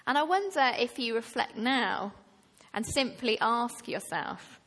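A woman preaching a sermon to her church, slow and deliberate, rising to emphatic passages. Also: fairly high pitch, lively intonation, a bit bright. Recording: long reverb of a hall.

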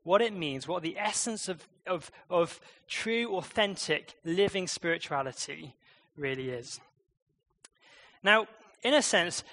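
Male preacher, bright and somewhat high voice, conversational sermon with lively shifts in loudness. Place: church.

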